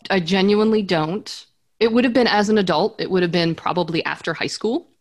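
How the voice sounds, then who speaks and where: A woman's voice: medium pitch, brisk. A woman in her thirties, a podcast guest chatting in an upbeat way and laughing easily. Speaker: podcast guest, business strategist. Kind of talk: casual interview chat.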